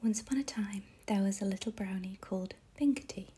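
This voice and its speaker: A woman narrating a children's tale gently in whispered role-play. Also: mid-range voice, fairly quick, breathy edge. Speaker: storyteller.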